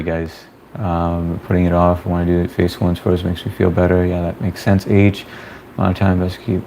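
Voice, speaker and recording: A man's voice: sits low, slight background noise. A middle-aged man, a streamer, casually telling a long story to his live chat, rambling with many fillers and restarts.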